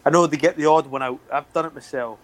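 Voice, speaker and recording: A man's voice: on the high side, steady tone, fast, a bit bright. Scottish guy in his middle years, chatty podcast host, swears a lot, acts out what people say. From Scotland. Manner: swears freely, acts out quotes. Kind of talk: casual chat.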